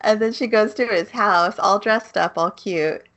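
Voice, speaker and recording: Woman podcast co-host, mid pitch, chatty, story-retelling recap. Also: measured pace, fairly bright tone. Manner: chatty storyteller, laughs often, retells scenes with quoted voices. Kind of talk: casual chat recapping a show.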